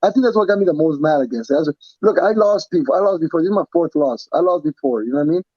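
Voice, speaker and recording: A man, a professional fighter being interviewed, talking casually in an animated, profane way with many restarts and repeats. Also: a little high, very fast, no echo, muffled recording. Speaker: pro fighter guest.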